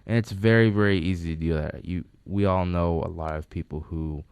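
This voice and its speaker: A man with a very low, smooth and resonant voice tells casual stories about a friend who has died. He rambles and restarts his sentences as he goes. The studio sound is dry and close. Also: steady tone, brisk, darkish tone, no room sound. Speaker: friend giving a tribute. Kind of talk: casual storytelling. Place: recording studio.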